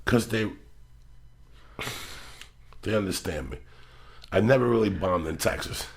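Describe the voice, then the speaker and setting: A middle-aged podcast host with a gravelly, somewhat low voice keeps a measured pace on a casual show. He tells stories in an animated, profane rush, swearing constantly.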